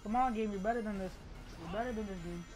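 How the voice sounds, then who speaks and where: A man commentating his own game playthrough, exasperated and swearing, muttering to himself between loud outbursts at a desk microphone. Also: high-pitched, fast, over music. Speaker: gaming channel host. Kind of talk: casual let's play commentary. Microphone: desk microphone by a laptop.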